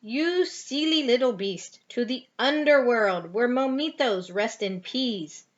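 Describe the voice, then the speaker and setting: A woman voicing a cheerful pack of little Chihuahua dogs, answering loudly in raised high voices. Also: expressive, slow pace. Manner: loud, high, chanting. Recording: dull lo-fi home recording.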